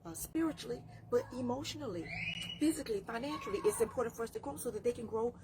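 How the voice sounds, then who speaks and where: A woman's voice: on the high side, expressive, fast, background noise. A woman life coach giving a faith-based motivational talk, preachy and repeating phrases for emphasis.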